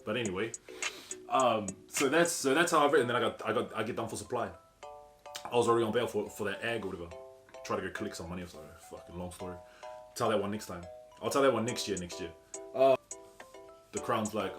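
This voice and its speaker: A man's voice: lowish voice, quick pace, pauses often. A young man with a New Zealand accent, telling a story casually, swearing freely and acting out what people said, with music behind him. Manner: slangy, swears a lot, acts out quotes. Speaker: vlogger.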